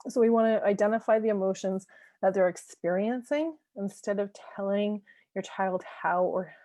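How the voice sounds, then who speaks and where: A parenting coach teaches a lesson conversationally, often checking in with "right?" and laughing lightly between points. Her medium-pitched voice has a dark tone, captured as clean studio sound with no room sound.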